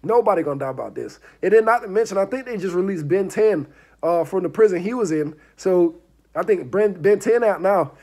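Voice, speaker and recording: A man hosting a casual commentary vlog, rambling and often trailing off into low mumbles. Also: normal speed, darkish tone. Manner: rambling, keeps repeating "I don't know", trails off into mumbles. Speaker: vlog host.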